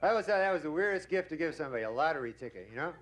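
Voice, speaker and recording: High-voiced deadpan young male comedian. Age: young adult. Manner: deadpan, rambling, drawn-out delivery. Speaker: stand-up comedian. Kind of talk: stand-up comedy set. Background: audience laughter.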